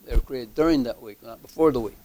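A man teaching a Bible class, slow and halting, with many fillers and emphatic repeats. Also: mid-range voice, a little mellow. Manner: emphatic repetition.

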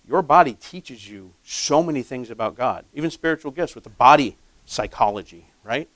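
A man's voice: medium pitch, lively intonation, moderate pace, dry recording, rough recording. Conversational man preaching a sermon. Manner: conversational, asks the audience questions; grows emphatic and loud when stressing points.

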